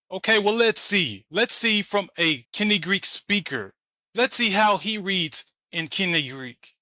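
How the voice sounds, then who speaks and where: A man hosts commentary on a debate clip in a combative, mocking manner. His voice is bright and a little raised. The sound is dry and close, with hardly any room in it. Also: on the high side, dry recording. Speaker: host. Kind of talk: scripture reading.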